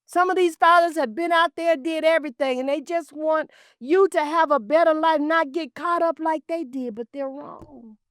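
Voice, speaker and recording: A woman hosting a talk show, telling heartfelt stories in an emphatic, preachy way with repeated phrases, dropping at times to hushed, near-whispered asides. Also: sits high, normal speed, few pauses, dry recording, studio quality. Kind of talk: heartfelt storytelling monologue.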